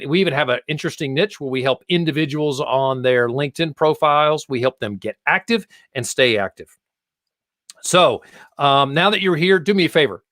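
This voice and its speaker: A man hosts a live-streamed business show in an upbeat, promotional way, often stopping to restart a sentence. His voice sits a little high for a man and sounds worn, as he is losing it. The sound is close and dry, with no room around it. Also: fairly bright tone, dry recording. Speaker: host.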